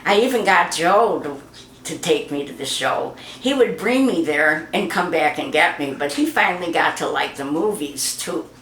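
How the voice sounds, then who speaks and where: An older woman being interviewed reminisces about old memories, chatting away and acting out the voices of people in her stories. Her low voice is animated and a bit bright, at a normal speed. The recording has a roomy echo and a little hiss or hum.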